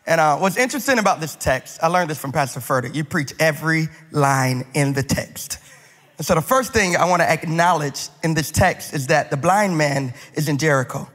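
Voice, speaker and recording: A man with a high, bright voice and a speech impediment preaches a lively sermon, mixing comic stories with calls to the crowd. He talks straight to the people in front of him. His voice carries a long reverb from a large church auditorium. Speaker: pastor.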